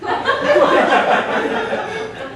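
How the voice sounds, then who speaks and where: A woman with a very high, lively voice speaks very slowly in a playful, giggly improv scene. She sounds far from the mic in a very echoey club. Loud background noise runs throughout. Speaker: improv comedian. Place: small comedy club stage.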